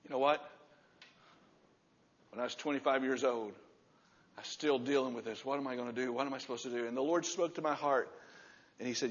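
A man in his sixties preaching a sermon, repeating key words with emphasis and dropping to a soft, low voice to stress a point. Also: a little fast, long pauses. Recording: muffled sound with long hall reverb.

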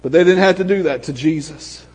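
A man preaching a sermon as pastor, swinging from shouts down to hushed storytelling. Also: fairly high pitch, fairly quick, husky. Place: church sanctuary. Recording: long hall reverb.

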